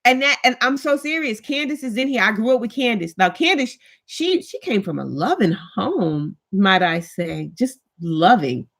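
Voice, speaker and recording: A woman's voice: medium pitch, normal speed, hardly any pauses. Woman, thirties, live-stream host; direct, hard-edged casual talk. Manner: talks with her hands, blunt and animated, reads viewer comments. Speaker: vlogger, stay-at-home mom. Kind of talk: casual live chat with viewers.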